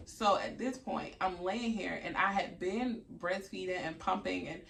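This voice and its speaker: A young woman, casually and candidly telling a story to her viewers, with frank, profane, animated quoted reactions. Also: on the low side, unhurried, vocal fry, far from the mic, a little hiss or hum. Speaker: vlogger.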